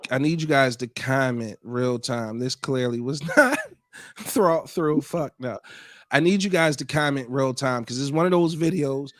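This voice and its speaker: A man's voice: medium pitch, no room sound, studio quality. A man hosting a podcast, casually breaking down a video with loose, profane talk and frequent laughs. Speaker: podcast host.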